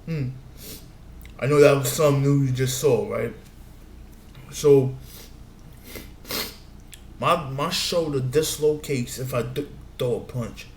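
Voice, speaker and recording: A man's voice: medium pitch, takes it slowly, pauses often. A man giving advice in a meandering casual monologue, often saying "you know what I'm saying". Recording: echoey room with faint background noise.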